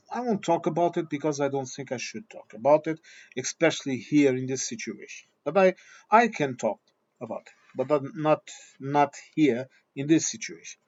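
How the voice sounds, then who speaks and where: A vlogger with a fairly high, darkish voice delivers an opinion monologue on a dull-sounding recording. He's blunt, swears, and keeps repeating himself.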